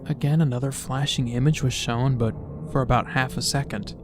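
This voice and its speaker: A man's voice: mid-range voice, steady tone, brisk, background noise. Exasperated, stammering man reading creepypasta. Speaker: creepypasta reviewer. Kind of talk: comedic reading with commentary.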